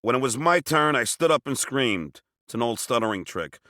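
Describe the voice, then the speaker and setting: A man from Long Island reading his own memoir aloud, telling it with wry, self-mocking humor and bursts of shouted dialogue. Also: medium pitch, lively intonation, moderate pace, dry recording, clean studio sound. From Long Island, New York. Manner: wry, self-mocking comic storytelling with sudden shouted quotes. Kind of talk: audiobook memoir narration.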